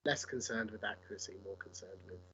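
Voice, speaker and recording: A man's voice: fairly low pitch, fast talker, bright, forceful tone, muffled recording, slight background noise. A man describing his character's actions in a tabletop game, rambling and amused with fillers. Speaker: player.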